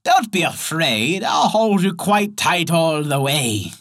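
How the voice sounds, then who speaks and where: A man's voice: fairly high pitch, sing-song, takes it slowly, a bit bright, no echo, studio quality, heavily acted. A man voicing a cruel, scheming crane in a read-aloud folktale, coaxing and mocking in turn. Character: scheming cruel crane, sly then pleading.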